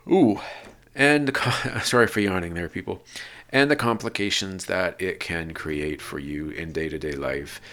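A man's voice: low voice, a bit bright. A man hosting a podcast, reading lists from notes and then talking about his own experience with restarts and rambling asides. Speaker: podcast host. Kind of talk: reading notes, then casual personal talk.

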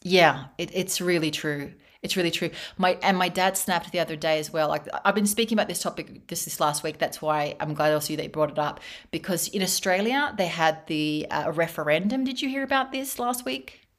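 Lower-voiced young woman hosting a podcast, laughs a lot, rambles through stories. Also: brisk, hardly any pauses. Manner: laughs often, tells stories with restarts. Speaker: podcast host. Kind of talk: casual interview chat.

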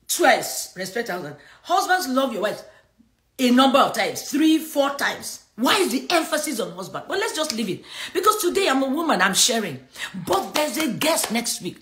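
A woman's voice: fairly high pitch, a bit bright, echoey room. A middle-aged woman preaching a sermon on a livestream, reading scripture and making emphatic points with laughter between them.

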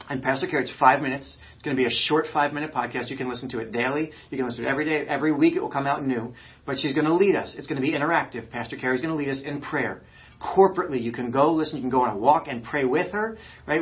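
A male pastor preaching a fired-up, emphatic sermon, swinging between loud urging and quiet, intimate stretches. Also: medium pitch, dull audio.

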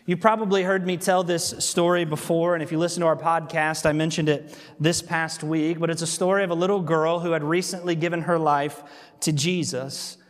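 A man in the pulpit preaching to his congregation, animated when he tells a story and slow when he drives a point home. His voice sits a little high for a man. The sound carries a long reverb from the church hall. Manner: animated storytelling, slows for emphasis. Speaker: pastor. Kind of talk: sermon. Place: church sanctuary.

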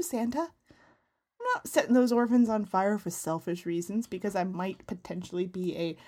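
A woman co-hosting a podcast, joking in casual comedic banter with a playful, deadpan teasing manner. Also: mid-range voice, normal speed. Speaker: podcast co-host.

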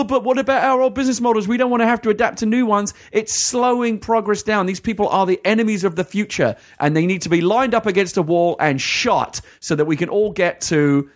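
High-voiced man ranting sarcastically. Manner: ranting, profane, sarcastic exaggeration. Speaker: podcast co-host. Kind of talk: casual tech podcast chat.

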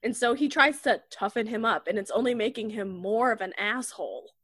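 A woman's voice: on the high side, fairly quick, fairly bright tone, slightly rough, dry recording, studio quality. A woman co-hosting a casual chat, blunt and swearing freely in her reactions. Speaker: podcast co-host.

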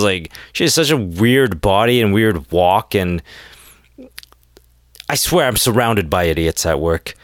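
A fairly low male voice, studio quality with no echo, belongs to a podcast host going it alone late at night. His casual rant wanders sarcastically and is thick with filler, especially "like."

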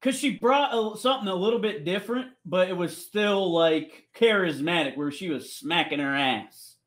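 A man co-hosting a wrestling podcast, talking excitedly with quick restarts in casual chat. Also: sits high.

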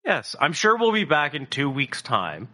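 A man's voice: on the high side, wildly swooping pitch, unhurried, pushed and bright. A man co-hosting a casual podcast, rambling and swearing with lots of fillers. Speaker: podcast co-host.

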